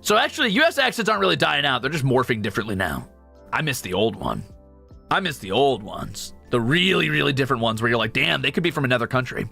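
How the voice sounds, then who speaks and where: Gravelly-voiced man chatting on stream. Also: mid-range voice, faint music behind. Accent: faint Midwestern American. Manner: rambling, animated, quick asides and laughs. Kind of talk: casual chat with viewers.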